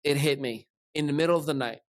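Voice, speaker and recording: Guy hosting a podcast, lively storyteller, fairly high voice, dry close sound. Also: fast, dry recording. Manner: animated, acts out dialogue in his retelling. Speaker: podcast host. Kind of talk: casual storytelling chat.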